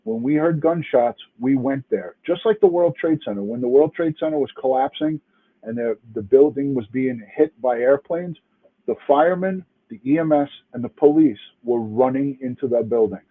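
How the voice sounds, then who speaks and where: A man's voice: medium pitch, moderate pace, slightly rough. A retired police detective from New York City, angry and emphatic, cursing and restarting as he comments to a live chat. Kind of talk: livestream commentary. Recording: tinny phone-like line.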